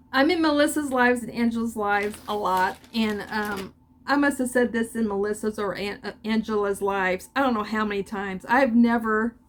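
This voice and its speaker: An older woman who runs a crochet vlog chats casually in a fairly high voice, loosely stopping and restarting her sentences. She is openly emotional and laughs often between thoughts, with slight background noise.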